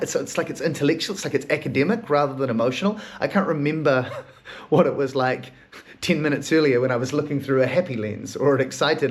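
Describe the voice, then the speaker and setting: A man hosting his own podcast in a candid solo monologue, melancholy, rambling and swearing a lot, laughing now and then as he talks. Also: medium pitch. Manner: rambling, heavy swearing, laughs through sad talk. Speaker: podcast host; therapist.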